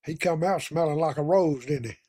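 A man's voice: on the high side, fairly quick, dark tone, a little hiss or hum. A man leading a group Bible discussion, talking earnestly and plainly about his own prayer life. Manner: earnest, conversational, sharing personal prayer habits. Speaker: Bible study leader.

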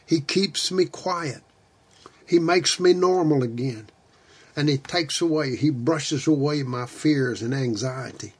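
Man, preacher, husky, slightly high voice, slow deliberate sermon. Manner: slow, deliberate scripture reading.

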